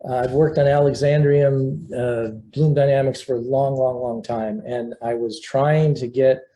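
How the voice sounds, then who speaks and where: An older man, a research scientist and mentor, telling anecdotes at home in a relaxed, halting interview manner. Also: mid-range voice, slight background noise, rough recording. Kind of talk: casual storytelling interview.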